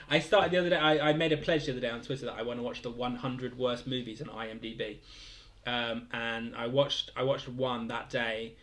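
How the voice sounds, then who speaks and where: A man's voice: medium pitch, fairly bright tone. A young man casually hosting a weekly livestream quiz, rambling between questions and chuckling often. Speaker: quiz host.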